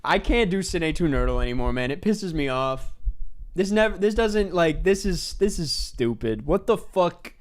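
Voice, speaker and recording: A young man talking to himself through a live stream game, his pitch jumping up and down as he grumbles and curses. He answers chat questions in an offhand, casual way. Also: lively intonation, normal speed. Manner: mutters and swears at himself while playing. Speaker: livestreamer.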